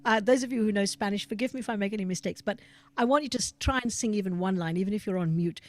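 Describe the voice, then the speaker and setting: A woman hosting an online gathering by video call, speaking gently and devotionally and moving into sung prayer. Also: mid-range voice, steady tone, fast talker, no room sound. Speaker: host and singer. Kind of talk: online event talk with prayer songs.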